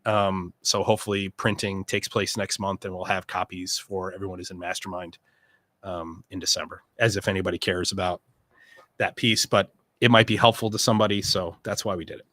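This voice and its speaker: A man's voice: sits low, flat delivery, fairly quick, bright, forceful tone, no room sound. A middle-aged man hosting a casual livestream, talking in an earnest, rambling way full of asides. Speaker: host.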